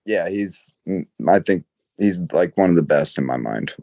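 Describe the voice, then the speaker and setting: Soft-spoken young actor from Los Angeles. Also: male voice, sits low, lively intonation, creaky, no echo. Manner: modest, halting with fillers. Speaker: actor, interview guest. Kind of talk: casual interview answers.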